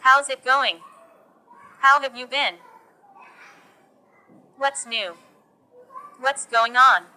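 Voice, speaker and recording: A woman teaching English, reading example phrases for learners one by one in a slow, deliberate delivery. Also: high-pitched, pushed and bright.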